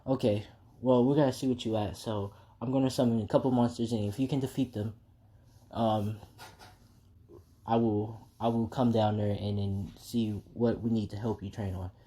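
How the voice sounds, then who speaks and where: A man's voice: fairly low pitch, steady tone, moderate pace, warm tone, natural voice. A man voicing a boastful young male ninja who calls himself a vampire lord, speaking in a plain, rambling way. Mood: casual.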